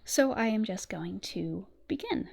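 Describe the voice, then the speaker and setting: A woman's voice: medium pitch, animated, measured pace, creaky, darkish tone, breathy edge. Chatty hesitant woman streamer. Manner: hesitant, many fillers, laughs often. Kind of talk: casual chat.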